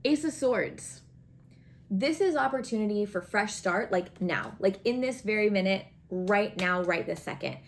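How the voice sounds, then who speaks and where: A woman's voice: medium pitch, lively intonation, unhurried, slight background noise. A woman giving a casual tarot reading to camera, chatty and earnest, often checking in with the listener. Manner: chatty, earnest, frequent "right?" and "okay?" check-ins; encouraging, coaching tone. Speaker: tarot reader.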